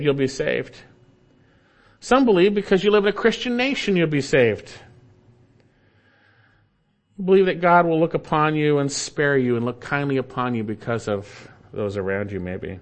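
Emphatic male preacher. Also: medium pitch. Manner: emphatic, rising and falling with emphasis. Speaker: pastor. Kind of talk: expository sermon.

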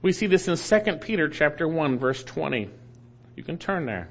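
Male pastor, slightly high voice, emphatic sermon delivery that repeats key lines. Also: sing-song, moderate pace, vocal fry. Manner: emphatic preaching, repeats key phrases, swings loud and soft.

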